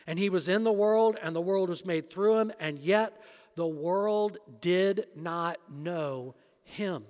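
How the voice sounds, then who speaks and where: Emphatic male preacher in a reverberant hall. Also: slow. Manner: emphatic, rising to loud peaks, then drops low. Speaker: pastor. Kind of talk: sermon. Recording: long reverb of a large hall.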